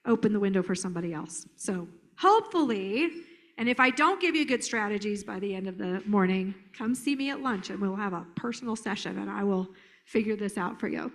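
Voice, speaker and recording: A woman giving a live conference talk as a therapist, animated and joking, slipping into silly voices. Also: a little high.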